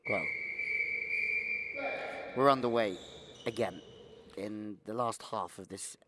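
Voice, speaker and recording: A man's voice: lowish voice, slow pace, noisy background. A man doing chatty live sports commentary, calling the play and joking with his co-commentator.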